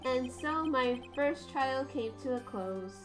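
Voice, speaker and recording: A woman's voice: high-pitched, animated, takes it slowly. A woman voicing a young male rookie lawyer who narrates his story in a reflective way. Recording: game music behind.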